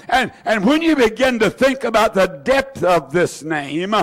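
A male preacher with a high voice delivers a sermon at an unhurried pace. He repeats key phrases for weight, and his emphasis builds until he shouts at the peaks. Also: lively intonation.

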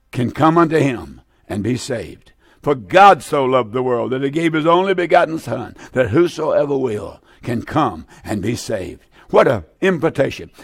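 A man's voice: fairly high pitch, gravelly, no echo, clean studio sound. A man preaching a broadcast sermon on the radio, repeating phrases for emphasis and inviting listeners to call in. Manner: repetitive, emphatic preaching with frequent restarts.

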